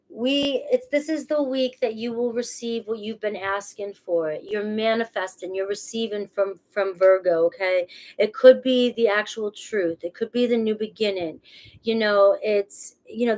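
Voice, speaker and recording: A woman's voice: mid-range voice, a little mellow. A woman giving a casual tarot reading to camera. She talks chattily and reassuringly, often adds "all right" and "okay", and restarts her sentences. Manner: laughs at herself, restarts phrases. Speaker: tarot reader.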